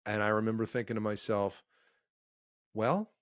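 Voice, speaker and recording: A middle-aged male comedian talking as an interview guest. His mid-pitched voice sounds dry and close, with no room around it, and he works through his points thoughtfully, stammering on restarts and dropping wry jokes. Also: lively intonation, moderate pace, no echo. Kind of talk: casual conversational interview.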